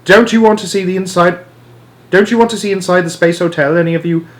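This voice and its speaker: An eager, earnest young boy, voiced by a man, pleading in a high, raised voice. He sounds like a storybook child. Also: quick pace, lightly acted.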